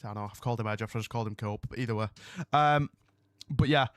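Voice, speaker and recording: Rambling male streamer, mid pitch, chatty and meandering, close dry sound. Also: fast talker, fairly bright tone, dry recording. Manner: rambling and chatty, loses his train of thought. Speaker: streamer hosting a wrestling watch-along. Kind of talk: casual live-stream chat. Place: home room.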